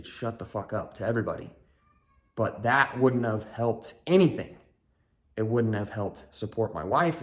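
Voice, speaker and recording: A man in his thirties with a somewhat low voice recounts a story in a loose, candid monologue. He rambles and restarts now and then, and adds a dry, self-mocking humor. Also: darkish tone. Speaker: podcast host, father.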